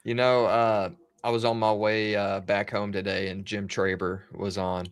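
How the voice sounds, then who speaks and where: A man's voice: fairly low pitch, flat delivery, measured pace, clear, resonant tone. A man co-hosting a podcast, chatting about sports radio in an easygoing, joking way. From Oklahoma, USA. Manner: joking, easygoing, often laughing. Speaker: podcast co-host. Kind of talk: casual sports chat.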